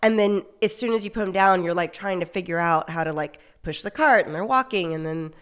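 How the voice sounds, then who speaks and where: A woman in her thirties co-hosting a podcast, chatting and telling stories in an animated, lively way. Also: lowish voice, brisk, clear, resonant tone. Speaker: podcast co-host. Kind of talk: casual chat.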